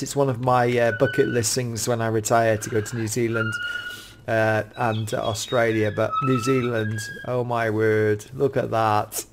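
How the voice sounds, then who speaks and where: A middle-aged man, gasping and gushing with excitement while commenting on a game at home. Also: medium pitch, a little hiss or hum. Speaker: Minecraft YouTuber showcasing mods. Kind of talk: casual gameplay commentary.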